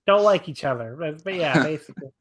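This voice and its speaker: A man co-hosting a wrestling podcast, talking in a rambling, casual way, his voice jumping high when he gets exasperated. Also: lively intonation, quick pace, crowd noise.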